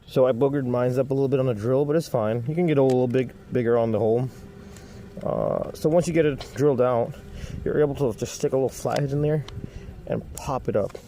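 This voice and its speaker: A man, a locksmith, talking casually through a repair step by step in a relaxed, folksy way. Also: mid-range voice, fairly quick, slight background noise.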